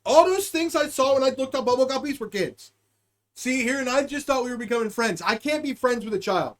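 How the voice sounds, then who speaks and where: A man's voice: very high-pitched, animated, brisk. A young man hosting a live-stream podcast, chatting with his viewers in a rambling, joking, profane way, riffing from one word association to the next.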